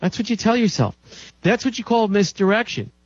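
A man's voice: high-pitched, big pitch swings, fairly quick, no echo. A man giving an impassioned health lecture in a preachy, emphatic way, chanting repeated lists. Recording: dull dry recording.

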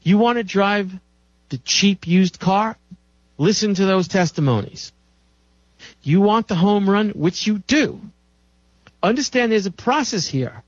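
A man's voice: high-pitched, lively intonation, unhurried, long pauses, dry recording. A man giving an impassioned health lecture in a preachy, emphatic way, chanting repeated lists. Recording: dull dry recording.

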